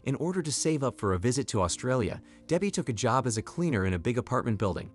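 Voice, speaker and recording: A man giving scripted story narration in an even, clear delivery. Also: medium pitch, quick pace, faint music behind.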